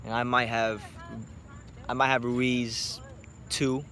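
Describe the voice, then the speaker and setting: Blunt, bright-voiced young man vlogging. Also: mid-range voice, little pitch movement, slow, slight background noise. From South Florida. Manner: blunt, profane, joking. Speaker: boxing YouTuber. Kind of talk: casual late-night vlog chat.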